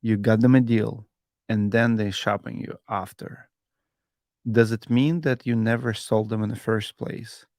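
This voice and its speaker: A man hosting a podcast, asking questions in a halting way, dropping small words. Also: fairly low pitch, fairly even intonation, darkish tone, dry recording, clean studio sound. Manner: asks questions, drops articles, halting. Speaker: podcast host. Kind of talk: casual podcast interview.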